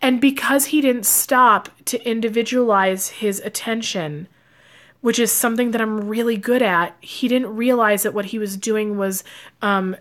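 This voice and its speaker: In a slightly high, slightly bright voice and at a slightly slow pace, a woman who is a psychic and life coach advises her audience casually to camera. She chats freely, acts out quoted lines and leans on filler words.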